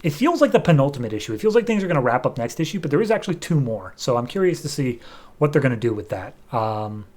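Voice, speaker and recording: A man with an ordinary mid-range voice talks through a review on his podcast. His delivery is loose and conversational, and he keeps dropping in fillers as he thinks out loud. The tone stays easygoing, like unscripted chat with listeners. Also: mid-range voice, big pitch swings, fast. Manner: loose and chatty, many fillers like "like" and "um". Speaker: podcast host reviewing comics.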